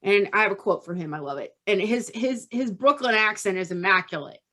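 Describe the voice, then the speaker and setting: A woman's voice: mid-range voice, lively intonation, a little fast, sharp tone. A woman hosting a podcast, telling a true-crime story casually and tagging her lines with "okay?". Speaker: podcast host.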